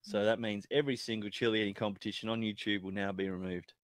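A man's voice: fairly low pitch, fairly even intonation, fast talker, dry recording. An Australian man, a guest on a live-streamed chilli-eating chat, talking freely and swearing casually.

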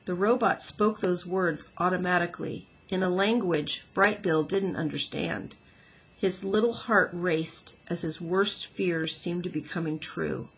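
Husky-voiced woman reading a storybook. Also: lowish voice, unhurried, poor audio. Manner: gentle expressive storytelling. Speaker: teacher reading aloud. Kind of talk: children's book read-aloud.

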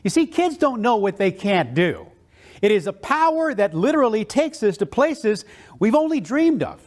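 Keynote speaker from South Texas, male, high, lively voice, big enthusiastic storyteller. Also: moderate pace. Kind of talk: motivational storytelling speech.

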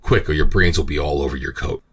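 A man's voice: a bass voice, fast, fairly bright tone, husky, heavily acted. A man voicing a cruel, cunning pirate captain in an audiobook, barking harsh commands. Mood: commanding. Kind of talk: audiobook character reading.

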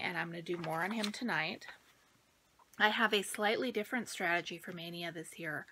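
A woman hosting her own cross-stitch video, chatting casually to the camera and dropping into soft, whispery asides. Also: on the low side.

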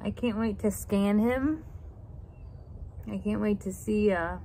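Woman cooing softly to her pet. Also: mid-range voice, takes it slowly, slight background noise, rough recording. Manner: soft, cooing baby talk to an animal. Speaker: vlogger, pet owner. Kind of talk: casual vlog, talking to her pet. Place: outdoors on a farm. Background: faint farm ambience, geese and rain.

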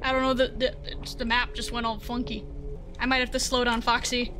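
A woman's voice: fairly high pitch, little pitch movement, fairly quick, background noise. A young woman giving let's-play commentary on a horror game, muttering to the game and breaking into frightened shrieks. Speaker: gaming video creator.

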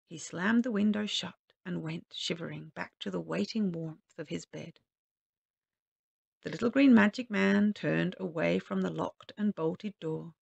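Storyteller reading to children, expressive, slight fry, dry booth. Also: female voice, fairly low pitch, a little slow, dry recording, highs cut off. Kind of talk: storybook read-aloud.

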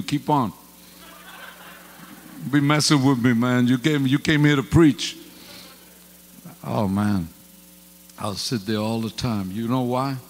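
A man preaching a storytelling sermon as pastor, swinging from quiet asides to loud exclamations, speaking into a microphone in a church sanctuary. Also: mid-range voice. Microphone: handheld or stand mic. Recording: reverberant church hall with faint hum.

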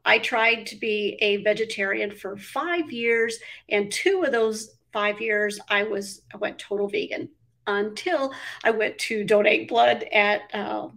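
A woman's voice: medium pitch, fairly even intonation, measured pace, vocal fry, fairly bright tone, distant mic. A middle-aged woman giving a casual motivational wellness talk, earnest and storytelling, with frequent ums. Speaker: wellness coach.

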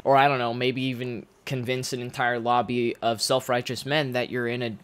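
A man's voice: mid-range voice, little pitch movement, moderate pace, fairly bright tone, clean tone. A man giving a comedic tutorial in a put-on airy feminine voice, swearing casually. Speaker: YouTuber teaching a comedy voice tutorial.

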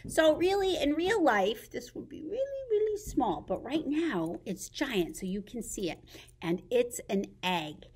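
Woman librarian hosting baby storytime; bright high pitch, slow deliberate delivery, songs and stretches. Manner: slow, sing-song and animated for babies. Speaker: children's librarian.

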